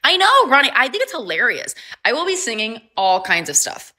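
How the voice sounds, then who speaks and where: Bright chatty woman livestreaming. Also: fairly high pitch, huge pitch swings, fairly quick. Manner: chatty, upbeat, laughs often. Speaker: livestream host. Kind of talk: casual livestream chat.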